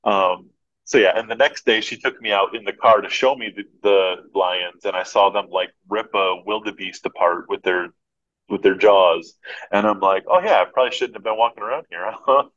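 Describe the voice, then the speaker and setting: A man from Michigan telling a story as a podcast guest, animated and laughing, acting out the voices of the people in it. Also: deep voice, normal speed, lo-fi sound. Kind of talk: casual storytelling.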